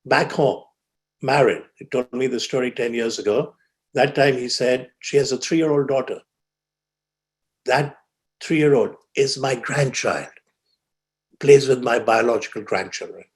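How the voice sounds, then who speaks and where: A man giving a keynote talk at a symposium, telling a story with dramatic pauses and acting out the people he quotes. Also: mid-range voice. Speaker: symposium speaker. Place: conference hall.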